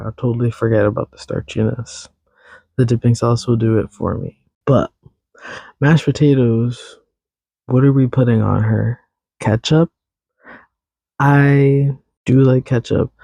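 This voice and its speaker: A man's voice: mid-range voice, steady tone, a little slow, vocal fry, dark tone, dry recording. A man hosting a podcast alone, rambling in a chatty, self-teasing way. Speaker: podcast host. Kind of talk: casual solo podcast chat.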